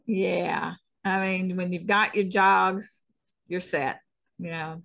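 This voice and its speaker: Her voice sits on the low side, steady, creaky, and a bit bright. She's a middle-aged stunt woman from the US South, appearing as a guest and chatting unhurriedly in a casual interview, folksy and easygoing and quick to chuckle.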